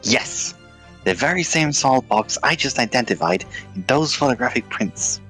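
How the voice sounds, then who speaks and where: A man voicing an earnest, determined young defense lawyer, reading game lines over soft game music. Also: medium pitch, lively intonation, normal speed, voice pushed up. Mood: insistent. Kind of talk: voicing game dialogue on a stream.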